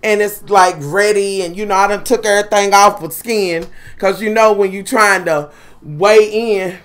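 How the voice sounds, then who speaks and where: A woman chats straight to her viewers in a loose, profane vlog. She tells it dramatically, cursing freely, and her voice jumps from loud, high outbursts down to quiet, low asides. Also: moderate pace. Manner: profane, dramatic, animated storytelling. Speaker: vlogger. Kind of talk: casual chat to viewers.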